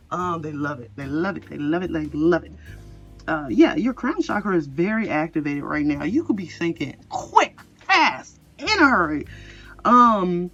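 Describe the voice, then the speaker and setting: A woman's voice: on the low side, bright, forceful tone. Rambling woman doing a tarot reading. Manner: rambling, chatty, laughs often. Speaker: tarot reader. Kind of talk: casual pick-a-card tarot reading. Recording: slightly dull lo-fi audio with faint music.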